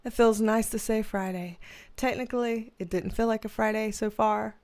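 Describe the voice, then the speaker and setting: A woman's voice: on the high side, steady tone, moderate pace, darkish tone. A woman, chatting casually on a livestream as a tarot reader, greeting viewers by name and laughing often while sounding tired and yawning.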